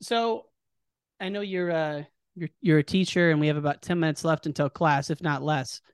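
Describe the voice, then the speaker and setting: A man hosting a casual interview, eager and chatty, sometimes thinking out loud. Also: a little high, fairly even intonation, normal speed, smooth, dry recording, clean studio sound. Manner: eager, cheering, thinks aloud. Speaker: interviewer, host.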